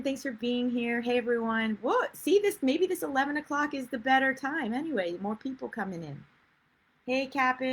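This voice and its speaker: A woman's voice: medium pitch, fairly bright tone, low-quality recording. A woman life coach giving a chatty, rambling livestream talk and greeting viewers as she goes. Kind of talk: live-streamed coaching talk.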